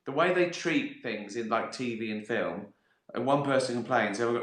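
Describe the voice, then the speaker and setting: A man's voice: mid-range voice, normal speed, fairly bright tone. Sweary, laughing man in an echoey room. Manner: sweary, laughs often, acts out voices in asides. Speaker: host of a live stream. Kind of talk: casual live-stream chat reading viewer questions.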